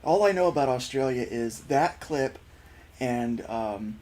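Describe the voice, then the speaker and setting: A man chats casually on a stream, telling a halting, rambling story. Faint noise sits behind his voice. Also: mid-range voice, expressive, darkish tone. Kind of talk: casual chat.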